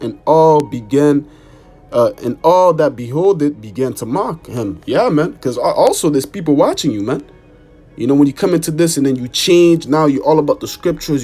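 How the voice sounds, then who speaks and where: Husky man preacher, a bit high-pitched, emphatic and profane, reading verses between exhortations. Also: a little mellow. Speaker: street preacher. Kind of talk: informal sermon with scripture reading.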